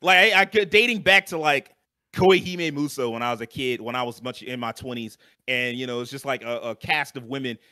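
A young adult man co-hosting a podcast in casual chat, animated and swearing freely with lots of fillers. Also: mid-range voice, brisk, no room sound. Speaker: podcast co-host.

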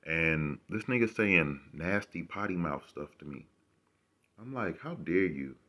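A man's voice: low voice, expressive, measured pace, sharp tone. A man vlogging to camera, ranting casually with rambling, profane and sarcastic remarks.

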